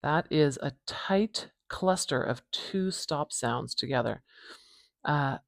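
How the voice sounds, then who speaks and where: A woman's voice: low voice, expressive, vocal fry, no room sound, clean studio sound. Chatty Atlantic Canadian woman teaching sounds. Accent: Atlantic Canadian English. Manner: chatty, demonstrates sounds slowly and repeats them. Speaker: phonetics teacher, channel host. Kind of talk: casual tutorial, writing while talking.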